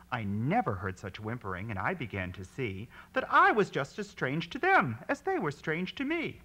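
A man reading a children's story aloud, with a husky voice, dramatic delivery that swings from hushed lines to shrieks. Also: mid-range voice, big pitch swings, normal speed, hardly any pauses.

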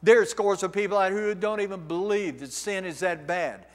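Male pastor, sermon, high voice, emphatic, rhetorical questions, long church-hall reverb. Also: a little fast. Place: church sanctuary.

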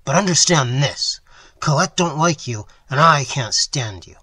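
A man voicing an angry young male artist who scolds and threatens in a loud, forceful voice. He reads him in a storybook reading. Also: fairly high pitch, lively intonation, a little slow, slightly rough, no echo, heavily acted.

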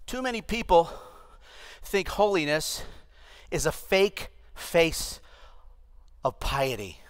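A pastor in his fifties preaching an animated, humorous sermon to his church, with asides to the congregation. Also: on the high side, slow pace, clear, resonant tone. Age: 50s. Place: church sanctuary.

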